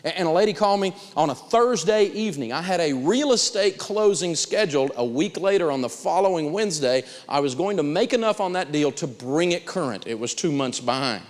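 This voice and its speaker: Animated man teaching in a reverberant hall. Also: fairly quick, hardly any pauses. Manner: animated storytelling with big pitch swings. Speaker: personal finance teacher. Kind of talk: live seminar lecture.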